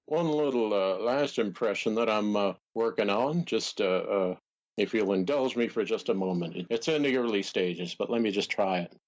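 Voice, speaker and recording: Man doing announcer impression, drawling, halting delivery, colorful insults, comedy podcast. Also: fairly low pitch, muffled recording, lightly acted. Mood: hesitant. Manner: hesitant, drawn-out, colorful put-downs. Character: folksy Southern wrestling announcer, blustery, easily riled.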